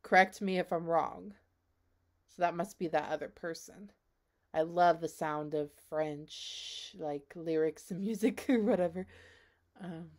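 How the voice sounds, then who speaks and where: A woman hosting a reaction video who talks in an earnest, rambling way, full of "like"s and trailing pauses. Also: on the low side. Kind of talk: casual reaction commentary.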